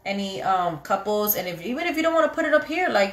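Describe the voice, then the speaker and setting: A woman hosting a casual live chat about marriage, animated and chatty, often acting out what people say. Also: mid-range voice, a little fast. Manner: animated, chatty, quotes people in little acted voices. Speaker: host of a live chat for couples. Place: home, kitchen nearby. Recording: echoey room.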